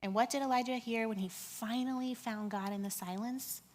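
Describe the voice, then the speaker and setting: Woman pastor in her thirties, conversational preacher, lively, sometimes hushed, slightly high pitch. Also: normal speed. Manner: conversational, animated, drops to a hush. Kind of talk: sermon.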